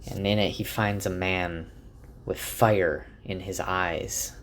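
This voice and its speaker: Low-voiced guy summarizing a book, relaxed, stumbles now and then. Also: takes it slowly, slight background noise. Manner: relaxed, slight restarts. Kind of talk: casual retelling of a novel.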